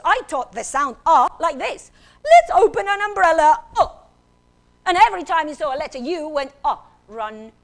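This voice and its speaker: A woman speaker teaches phonics from a stage, playful and theatrical as she leads the audience through each sound. Her voice sits high and swoops up and down constantly. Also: a bit bright. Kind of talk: animated talk with classroom demonstration.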